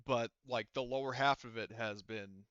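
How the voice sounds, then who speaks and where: A man's voice: mid-range voice, fairly even intonation, normal speed, fairly bright tone, smooth, dull audio. A man running a tabletop game as game master, rambling through his descriptions with lots of fillers and restarts.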